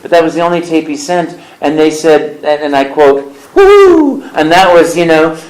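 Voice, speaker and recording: A man being interviewed as a voice actor, telling stories in an animated way and slipping into character voices. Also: fairly high pitch, fairly quick, reverberant, low-quality recording. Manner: lively storyteller who slips into character voices. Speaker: voice actor guest. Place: convention interview room.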